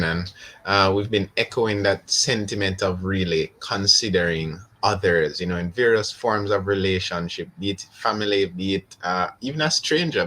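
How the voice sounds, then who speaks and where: Low-voiced radio host, measured. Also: male voice, fairly bright tone. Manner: measured, affirming, many fillers. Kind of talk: radio talk show hosting.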